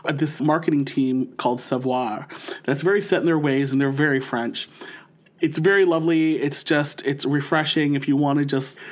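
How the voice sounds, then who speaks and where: A man's voice: fairly high pitch, steady tone, normal speed. A man co-hosting a podcast, chatting enthusiastically about shows, acting out quotes in a raised voice. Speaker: podcast co-host. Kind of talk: casual chat, pop culture recommendations.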